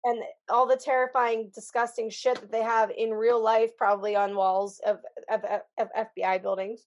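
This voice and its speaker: A woman's voice: on the high side, little pitch movement, moderate pace. A woman co-hosting a podcast in casual chat, rambling and searching for words. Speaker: podcast co-host.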